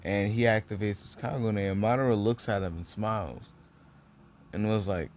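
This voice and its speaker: A man's voice: on the low side, normal speed, a little mellow, slight background noise. A young man casually retelling a fan-made ninja story, rambling with lots of fillers and restarts.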